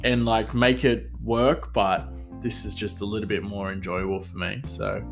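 A man's voice: fairly low pitch, flat delivery, normal speed, vocal fry, faint music behind. A man hosting a solo talk show, rambling casually with many fillers and restarts. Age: adult father. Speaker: podcast host.

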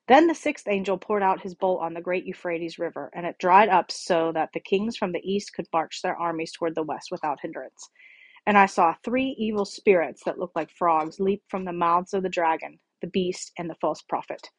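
Woman reading scripture, slightly low voice. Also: normal speed, no room sound. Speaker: scripture reader.

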